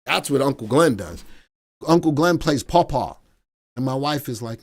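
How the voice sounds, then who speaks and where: A middle-aged man hosting a live stock market stream, chatting energetically and playfully with viewers, even breaking into song. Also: mid-range voice, normal speed. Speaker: stock market analyst host.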